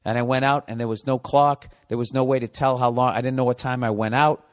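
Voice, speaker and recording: A man's voice: mid-range voice, fairly even intonation, fast. A man hosting a podcast, giving blunt advice in a casual rant full of swearing. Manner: blunt, swears constantly, riffs.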